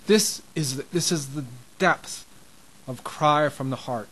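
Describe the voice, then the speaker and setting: A man's voice: medium pitch, slow, a bit bright, poor audio. A man preaching an informal sermon in a conversational way, growing impassioned, with frequent restarts.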